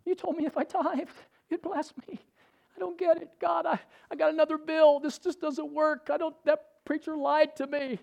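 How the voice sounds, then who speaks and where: A thin, high, whiny complaining man, as a preacher puts him on, pitched far above a speaking voice that already sits high. He sounds puny and self-pitying. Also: fairly even intonation, fast, creaky, hardly any pauses, exaggerated voice. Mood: whining.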